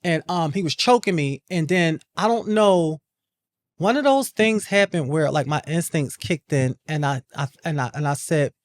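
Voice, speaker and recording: A woman's voice: deep voice, animated, moderate pace, no room sound. A woman hosting a podcast, telling a personal story in a casual, repetitive way and often starting with "I remember.". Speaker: podcast host.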